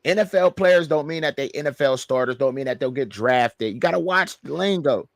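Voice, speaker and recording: A man co-hosting a sports show, talking in an animated, slangy way and repeating himself as he argues. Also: on the high side, fairly quick, dry recording. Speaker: show co-host, fan. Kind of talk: heated sports banter.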